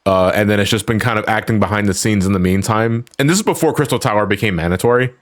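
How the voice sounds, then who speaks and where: A man's voice: lowish voice, fast talker. A young man hosting a game stream, rambling, profane and laughing often in casual commentary. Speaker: streamer host.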